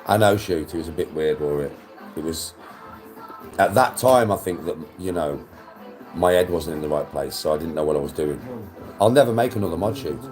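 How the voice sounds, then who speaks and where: A man's voice: a bass voice, fairly quick, darkish tone, soft background music. A young man, chatting on a livestream, blunt and defensive, swearing often. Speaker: livestream host. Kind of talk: casual livestream chat.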